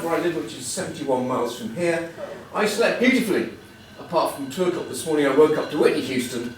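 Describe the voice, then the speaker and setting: A man's voice: mid-range voice, lively intonation, a little fast, hardly any pauses, very noisy. A middle-aged man giving a chatty, self-deprecating talk as a guest speaker, telling anecdotes to an audience. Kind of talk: after-dinner style motivational talk. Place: large event hall before an audience. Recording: echoey hall, voice from far off. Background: audience laughter.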